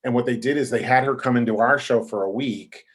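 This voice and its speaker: A man, a guest on a podcast, telling casual, animated anecdotes and quoting other people. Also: medium pitch, brisk. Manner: chatty, animated anecdotes with quoted voices.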